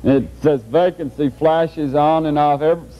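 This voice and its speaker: A man's voice: fairly high pitch, moderate pace. A middle-aged man, giving a folksy, joking lecture to a large audience. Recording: muffled old 1981 videotape.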